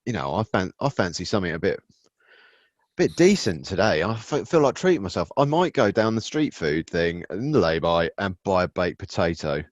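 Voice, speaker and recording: A man's voice: deep voice, sing-song, moderate pace, no room sound. A man co-hosting a casual podcast chat, rambling and cursing, often stopping to restart his sentences. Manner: rambling, self-interrupting, profane. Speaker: podcast co-host. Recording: dull, dry lo-fi sound.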